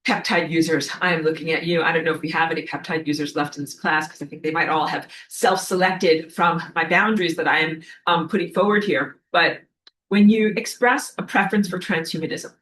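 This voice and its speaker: A woman's voice: low-pitched, brisk, a bit bright, poor audio. A woman giving a preachy spiritual lecture to a class, in an emphatic, scolding manner that sometimes turns to swearing. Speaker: spiritual teacher.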